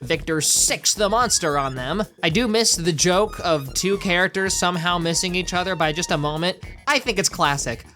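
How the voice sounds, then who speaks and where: A woman's voice: on the low side, moderate pace, few pauses, a bit bright, faint music behind. A woman hosting a commentary video, talking casually with wry, sarcastic asides.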